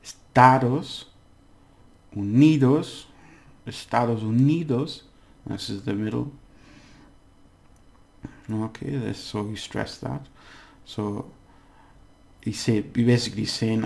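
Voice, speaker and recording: A man teaching a casual language lesson, patiently breaking down words and slowly overpronouncing the examples. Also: lowish voice, fairly even intonation, creaky, a little mellow.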